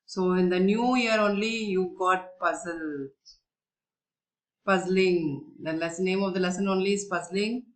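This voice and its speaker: A woman's voice: on the low side, measured pace, rough recording. A woman teacher, patiently explaining a story lesson and asking and answering her own questions.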